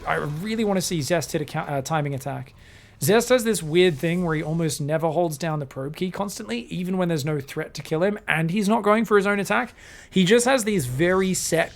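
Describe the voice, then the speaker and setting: A young man doing solo live commentary on a strategy game, animated and profane, drifting into rambling asides between plays. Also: high voice, slight background noise. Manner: animated, swears freely, drifts into rambling stories. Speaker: esports caster.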